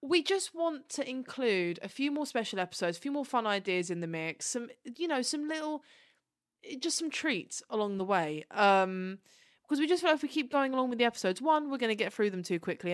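A woman's voice: mid-range voice, animated, brisk, dry recording. Chatty woman podcast co-host, dry sound. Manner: chatty, joking, swears casually. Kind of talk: casual chat.

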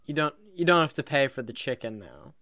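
A man's voice: medium pitch, lively intonation, brisk, sharp tone, dry recording. A male host chatting casually and making dry joking remarks. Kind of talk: casual chat.

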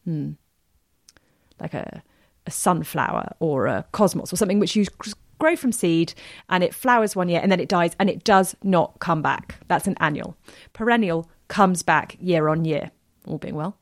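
A woman's voice: on the low side, animated, moderate pace, no room sound, studio quality. A woman in her thirties co-hosting a podcast, chatty and giggly, patiently explaining gardening basics in casual chat. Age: 30s. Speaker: podcast co-host, gardening expert.

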